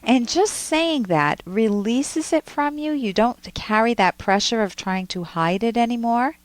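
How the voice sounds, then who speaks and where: A woman's voice: fairly high pitch, animated, unhurried, no echo. A woman who hosts a psychology call-in show, coaching a caller with emphatic role-played lines. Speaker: radio call-in host, psychologist.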